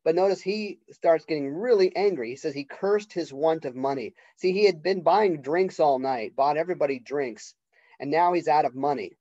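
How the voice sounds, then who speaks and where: In a relaxed classroom lecture, a male literature professor talks conversationally and slips into quick voices for the characters' lines. His voice is a little high and mellow. There's no echo, and the lo-fi recording sounds dull.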